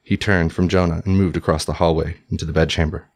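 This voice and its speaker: A male narrator reading a historical tale aloud. His voice is low and deep, and his delivery is measured and formal. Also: flat delivery, darkish tone. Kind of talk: audiobook narration.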